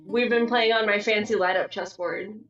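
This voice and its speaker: A woman's voice: medium pitch, fairly even intonation, normal speed, a bit bright, soft background music. A woman co-hosting a live stream in casual chat, full of "like" and casual swearing. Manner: chatty, lots of "like", swears casually. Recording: roomy, distant and muffled.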